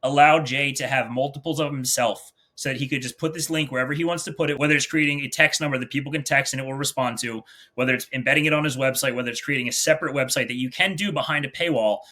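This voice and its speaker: A man from New Jersey presents a software demo to gym owners while sharing his screen. He talks in a blunt, salesy way and swears casually. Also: mid-range voice, fast. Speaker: fitness business presenter. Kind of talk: screen-share product demo narration.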